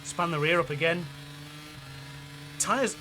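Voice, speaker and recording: Bright-voiced northern English gaming commentator. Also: male voice, on the high side, slow, slight background noise. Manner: chatty, excitable, laughs often. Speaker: racing game commentator. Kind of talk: gameplay commentary.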